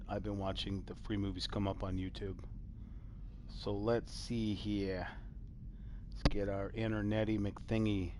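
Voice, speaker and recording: A man hosting a live stream, rambling casually through old news and swinging between loud exclamations and low mumbling, with casual swearing. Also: a little hiss or hum. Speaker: host.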